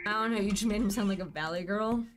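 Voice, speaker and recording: A woman's voice: medium pitch, quick pace, faint music behind. A woman casually chatting while streaming a game, rambling and answering her chat as she plays.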